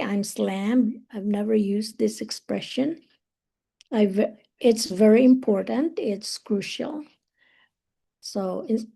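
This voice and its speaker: A woman teaching English on a live stream, relaxed and thinking aloud, slowing down on each phrase she teaches. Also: medium pitch, creaky, breathy edge.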